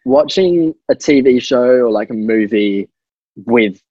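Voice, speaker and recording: Australian male radio host, husky voice, dry muffled studio sound, exasperated. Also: medium pitch, lively intonation, measured pace, a little mellow, no echo. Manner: exasperated ranting. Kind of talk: casual radio banter.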